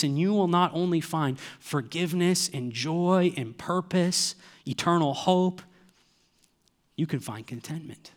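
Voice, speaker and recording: A man's voice: on the high side, measured pace. A man, preaching a sermon earnestly and asking the listeners rhetorical questions. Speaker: pastor.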